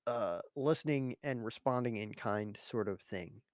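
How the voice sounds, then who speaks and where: A man's voice: medium pitch, unhurried, no echo, highs cut off. A man co-hosting a whiskey show, telling stories in casual, easygoing chat. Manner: storytelling, easygoing. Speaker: whiskey show co-host and dungeon master.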